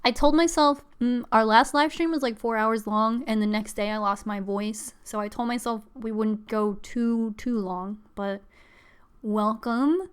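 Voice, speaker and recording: Chatty woman live streaming, clear voice. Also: on the high side, unhurried. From Pennsylvania, US. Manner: chatty, rambling with fillers and laughs. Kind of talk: casual live stream chat.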